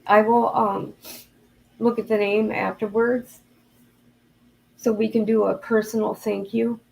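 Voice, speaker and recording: A woman's voice: medium pitch, flat delivery, unhurried, gravelly, a little mellow, breathy edge, low-quality recording. An older woman hosting a casual livestream, chatty and earnest, talking straight to her viewers and openly emotional. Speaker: livestream host.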